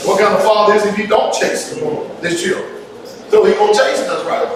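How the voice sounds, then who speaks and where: A man preaching a sermon as pastor, lively and folksy, with call-and-response and sudden shouts. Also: sits high, brisk, noisy background. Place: church hall. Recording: echoey hall from far off. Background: congregation laughter.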